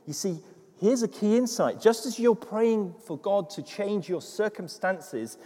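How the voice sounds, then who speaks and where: A man, preaching a sermon as pastor, moving from quiet reflective passages to loud, fervent exhortation. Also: a little high, sing-song, normal speed, big-room sound. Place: church.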